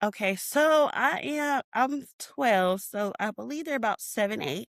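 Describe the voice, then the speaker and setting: A woman's voice: a little high, lively intonation, a little slow, gravelly, dry recording. Woman telling a painful memory, dry close mic. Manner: emotional retelling, reenacting her own shouts. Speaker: podcast guest. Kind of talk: personal storytelling interview.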